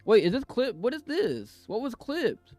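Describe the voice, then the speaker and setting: A man streaming live in casual chat, swinging between soft apologies and loud excited exclaims, laughing and cutting himself off often. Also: very high voice, a little slow, no room sound, soft background music. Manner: self-interrupting, laughs often.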